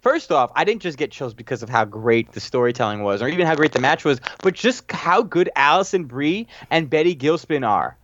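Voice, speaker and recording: A man's voice: a little high, lively intonation, a little fast, hardly any pauses, fairly bright tone, no echo, highs cut off. A man recapping a TV episode in casual, enthusiastic chat as a podcast co-host, rambling with restarts.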